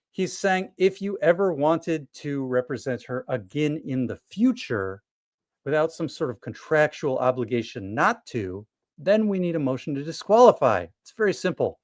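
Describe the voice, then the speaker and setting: Lively wry man reading legal filings. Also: on the high side, dry recording, studio quality. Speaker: co-host. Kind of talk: casual commentary reading court documents.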